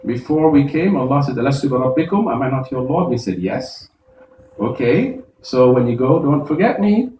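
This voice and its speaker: A man, an imam, giving a Friday sermon, explaining verses step by step and reciting Arabic quickly. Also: mid-range voice, lively intonation, warm tone, echoey room, far from the mic, slight background noise, low-quality recording. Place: mosque prayer hall.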